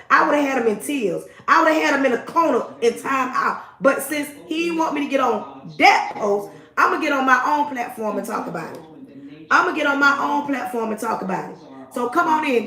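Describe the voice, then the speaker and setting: A woman's voice: high-pitched, moderate pace, pushed and bright, echoey room. Emphatic woman hosting a morning livestream. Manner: emphatic, repetitive greetings. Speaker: livestream host. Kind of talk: casual livestream talk.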